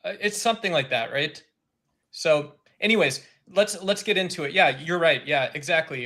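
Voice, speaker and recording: A man calling in to a live stream debate, arguing in a halting, filler-heavy, accusatory way. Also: a little high, animated, sharp tone, slight background noise. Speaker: caller asking a debater a question. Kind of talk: argumentative live stream call-in.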